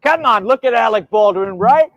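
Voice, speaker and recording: A man's voice: high voice, lively intonation, moderate pace, no echo, lo-fi sound. Young man doing a brash, smug president. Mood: boastful. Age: young adult. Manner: repetitive boasting, stretched emphasis. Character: boastful older male president, brash and smug.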